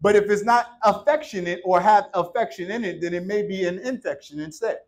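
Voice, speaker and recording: A man's voice: sits high, a little fast, slight background noise. A man preaching a sermon in a church, joking with the congregation and calling for responses. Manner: playful, conversational preaching with call-and-response. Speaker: pastor. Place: church sanctuary. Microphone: handheld or worn microphone.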